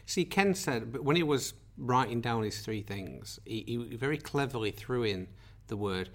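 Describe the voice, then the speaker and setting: A man's voice: mid-range voice, animated, moderate pace. A man in a casual panel chat, teasing and pressing with questions.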